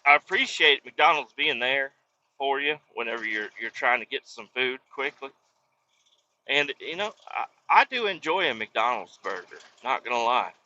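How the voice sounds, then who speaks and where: A man's voice: medium pitch, animated, normal speed, sharp tone, slight background noise. A man hosting a podcast, telling a rambling, profane story in a casual comedic rant. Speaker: podcast host. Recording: dull lo-fi dry recording.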